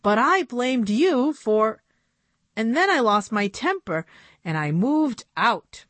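A woman's voice: fairly high pitch, very animated, slow, fairly bright tone, dry recording, voice pushed up, heavily acted. A woman voicing a breathless, remorseful uncle doll.

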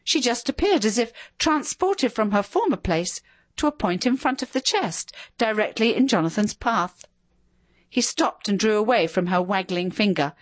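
A woman reading a story aloud, dramatic and expressive, her pitch moving freely through each line. The recording is close and dry, with little room sound. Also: normal speed, dry recording.

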